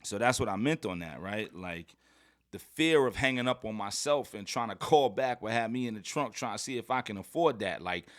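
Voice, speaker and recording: Guest rapper, New man, a touch low-voiced, animated storyteller who slips into quoted voices. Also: normal speed. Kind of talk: casual interview conversation.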